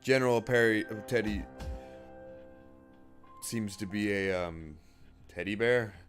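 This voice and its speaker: A man streaming a game, reading its text aloud and thinking aloud in a halting, casual way. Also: on the low side, fairly bright tone, soft background music.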